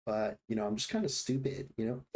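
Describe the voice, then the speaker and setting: A man's voice: medium pitch, very animated, fairly quick, gravelly, a little mellow. A man on a live game stream, talking loosely at his desk at home. He jokes at his own expense and breaks into laughter often, keeping the tone light and playful. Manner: joking, self-deprecating, laughs often. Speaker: livestreamer. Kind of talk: casual live-stream chat while gaming. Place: home room next to a busy street.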